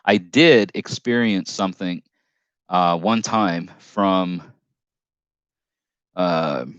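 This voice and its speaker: A man's voice: low voice, very slow, clean tone, no echo, highs cut off. A man hosting a casual live stream, reading chat comments aloud in a rambling, jokey way with frequent restarts.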